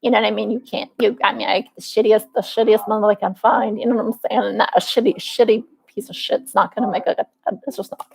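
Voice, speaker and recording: A woman's voice: medium pitch, steady tone, fast talker, vocal fry, few pauses, rough recording. A woman in her forties venting in a rambling, profane vlog monologue, full of restarts. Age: 40s. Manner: aggrieved, venting. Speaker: vlogger.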